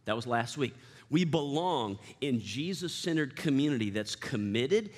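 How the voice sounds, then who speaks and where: A man who is lead pastor, preaching a lively, self-deprecating sermon and leading the congregation in call-and-response. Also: mid-range voice, normal speed. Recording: reverberant church sanctuary.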